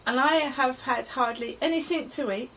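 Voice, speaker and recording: Her voice high-pitched and a bit bright, a middle-aged woman from England speaks at normal speed in a vlog diary. She anxiously rambles through her day in the present tense, and the audio is poor.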